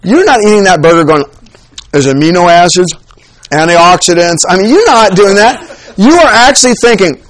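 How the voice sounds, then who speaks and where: This is a male preacher with a high voice who gives a humorous sermon. He is animated and joking, and he acts out examples as he goes. The sound is close and dry. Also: brisk, no echo. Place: church with slides.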